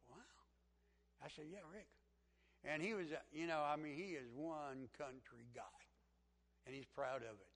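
A man's voice: on the high side, fairly bright tone. A man preaching a sermon as pastor, telling a story in a conversational way.

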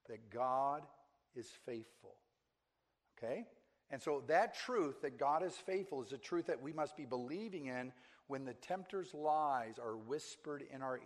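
An earnest man preaching to a congregation in an ordinary middle-pitched voice. He repeats his key phrases for emphasis and keeps checking in with a quick question to his listeners. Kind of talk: sermon.

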